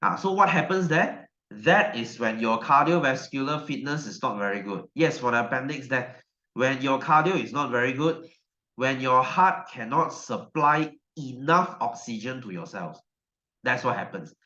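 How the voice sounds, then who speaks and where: A man's voice: mid-range voice, expressive, normal speed, bright, forceful tone. A male science teacher, giving a chatty online class lecture and repeating his questions to the class. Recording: dull, roomy echo.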